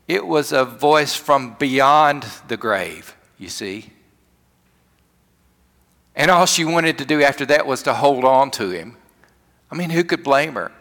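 Southern US male pastor, emphatic storyteller, bright tone, long church reverb. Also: medium pitch. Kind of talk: sermon.

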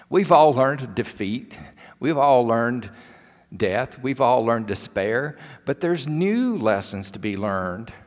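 Male pastor, sermon storyteller, emphatic and repetitive, deliberate pace, echoing sanctuary. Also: fairly high pitch, creaky. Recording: long hall reverb.

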